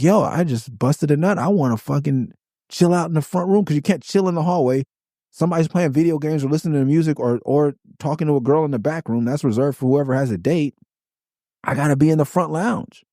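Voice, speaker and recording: This podcast host from LA speaks at medium pitch, spinning casual tour stories packed with profanity. When he quotes people, he acts the lines out loudly and with plenty of energy. It's a dry, clean studio recording.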